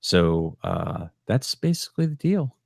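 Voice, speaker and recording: A man's voice: sits low, very animated, unhurried, vocal fry, dry recording, clean studio sound. A man co-hosting a podcast, chatting casually and bluntly, rambling with lots of stumbling restarts. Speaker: podcast co-host.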